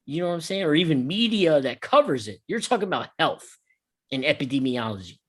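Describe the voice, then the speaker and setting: A male podcast host ranting in loose, profane chat, his pitch leaping all over the place. He swings from loud bursts down to muttered asides, recorded close and dry with no room sound. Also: big pitch swings, brisk, no echo.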